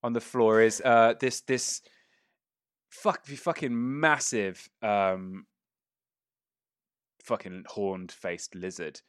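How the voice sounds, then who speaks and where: A man's voice: fairly low pitch, steady tone, slow pace, pauses often, clear, resonant tone, no echo, clean studio sound. A man narrating a tabletop game as game master, casual and sweary, laughing often.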